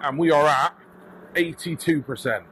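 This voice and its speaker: A British man with a light, high-pitched voice tells a story casually while riding along a bike path outdoors. He is animated, swears freely and acts out the other people in his story. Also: normal speed, slight background noise, poor audio. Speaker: electric bike vlogger.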